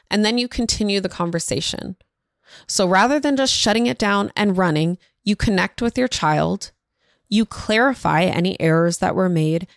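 A woman's voice: medium pitch, vocal fry, no echo, studio quality. A woman hosting a parenting podcast who gives earnest, direct advice and talks to her listeners as "y'all". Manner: direct, warmly instructive, addresses listeners as y'all.

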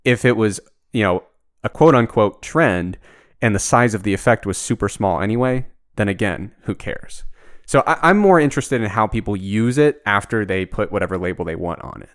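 A man hosts a podcast with a low, steady voice recorded close and dry. He works through his points analytically, leaning on examples, and slips in dry teasing jokes along the way. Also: normal speed, no room sound. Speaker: podcast host. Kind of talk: casual chat.

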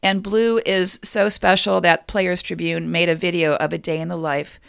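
A woman co-hosts a casual sports podcast and shares background stories with enthusiasm. Her voice has a gravelly fry to it. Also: lowish voice, flat delivery, moderate pace, fairly bright tone. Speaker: podcast co-host.

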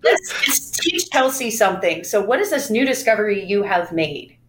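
A woman's voice: mid-range voice, moderate pace, reverberant, low-quality recording. A woman co-hosting a podcast, telling stories in casual chat and acting out the lines of the people in them. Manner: animated, acts out quoted dialogue. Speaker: podcast co-host.

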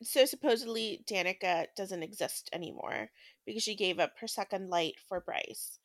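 A woman's voice: mid-range voice, normal speed, dry recording. Dry-sounding woman chatting about books. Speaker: podcast co-host. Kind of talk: casual book discussion.

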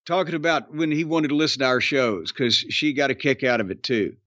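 A man's voice: medium pitch, brisk, a bit bright, no room sound, muffled recording. A middle-aged man hosting a podcast in casual chat, given to blustery, profane, grumbling rants. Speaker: podcast host.

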